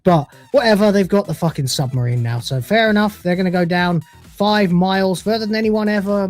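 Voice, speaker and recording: A man's voice: high voice, fairly quick, soft background music. A man delivering a scornful, sarcastic review of a TV episode, swearing freely as he rants. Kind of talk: ranting review.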